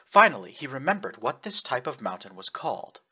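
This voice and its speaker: A man reads a science fiction novel aloud in a steady storytelling way. His voice is bright with a husky grain. The pitch moves a lot. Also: brisk. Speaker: audiobook narrator. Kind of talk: scripted narration.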